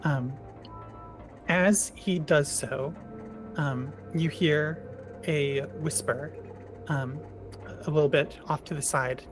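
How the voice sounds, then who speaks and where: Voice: medium pitch, fairly even intonation, takes it slowly, long pauses, over music. A game master narrating a tabletop role-playing scene in a hesitant way with many fillers.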